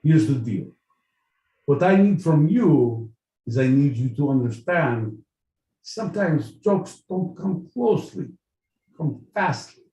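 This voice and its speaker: A man voicing a gloomy Russian man complaining about hard times, in an exaggerated mock Russian accent with deadpan delivery and broken grammar. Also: fairly high pitch, slow pace. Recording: echoey room, mic at a distance.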